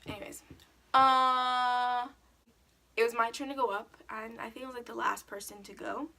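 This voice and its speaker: Bright chatty teenage girl. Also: on the high side, normal speed, long pauses. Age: teens. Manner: chatty storytelling, lots of "like". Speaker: vlogger. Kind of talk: casual Q&A vlog.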